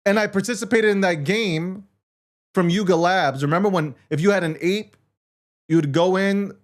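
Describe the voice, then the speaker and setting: A man's voice: high voice, normal speed. A man hosting a casual market talk show, ranting in a profane, self-mocking way. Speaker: show host.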